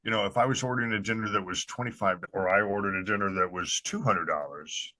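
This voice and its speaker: A man's voice: on the low side, fast, sharp tone, no room sound. A man hosting a casual podcast chat, talking in a blunt, opinionated way with some swearing. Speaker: podcast host.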